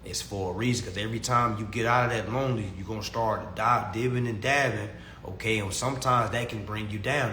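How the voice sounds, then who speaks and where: A man's voice: fairly low pitch, fairly even intonation, quick pace, hardly any pauses, sharp tone, reverberant, a little hiss or hum. A man preaching to his livestream audience in a casual, slangy monologue, emphatic and given to repeating himself. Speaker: livestream host answering chat.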